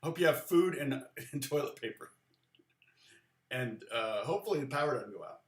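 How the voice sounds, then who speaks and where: A man's voice: medium pitch, animated, normal speed, roomy sound. Chatty man teaching guitar, counting aloud. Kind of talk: live-streamed guitar lesson. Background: guitar playing.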